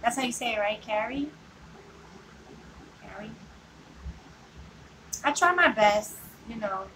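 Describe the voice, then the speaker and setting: A woman's voice: on the high side, pushed and bright. A woman chatting casually with viewers on a vlog, rambling, laughing often and filling her talk with "like" and "you know". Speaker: vlogger. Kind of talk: casual live chat with viewers. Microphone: phone. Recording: distant mic with noticeable background noise.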